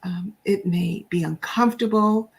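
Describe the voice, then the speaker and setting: A middle-aged woman hosting an interview, speaking gently and thoughtfully, often restarting her phrases. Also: mid-range voice, unhurried, breathy edge. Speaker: host. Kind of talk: interview, reflective talk.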